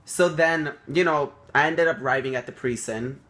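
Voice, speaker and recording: Bright-voiced New guy telling a story. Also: normal speed. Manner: animated, swears freely, acts out quotes with big jumps up in pitch. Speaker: vlogger. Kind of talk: casual storytelling to camera.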